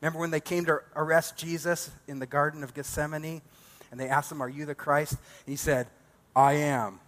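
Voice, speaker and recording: A man's voice: fairly high pitch, flat delivery, brisk, fairly bright tone. A male pastor preaching a sermon, building emphatic repeated declarations.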